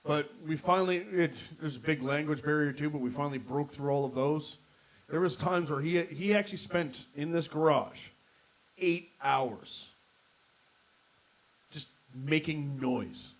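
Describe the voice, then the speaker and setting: A man with a slightly high voice hosts a relaxed podcast chat. He tells long, rambling stories and drops casual swears along the way. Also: unhurried, low-quality recording. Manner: swears freely, rambling storyteller. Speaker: podcast host.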